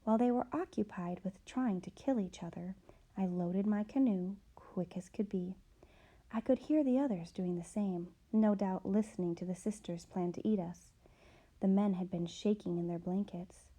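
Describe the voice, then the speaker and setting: A woman's voice: mid-range voice, moderate pace, few pauses, mellow, close to an everyday voice. A woman telling as a dramatic campfire storyteller man. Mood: hushed. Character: boastful male storyteller recounting his scare.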